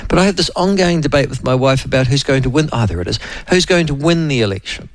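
A man's voice: mid-range voice, animated, quick pace, dry recording. A man hosting morning talk radio in a wry, rambling, opinionated monologue.

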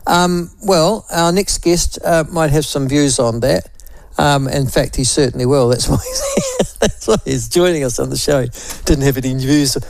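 A middle-aged man with a New Zealand accent hosts talkback radio, sharing blunt opinions with rambling, sardonic asides. His voice is on the high side, sing-song and creaky, at normal speed. The recording is dry.

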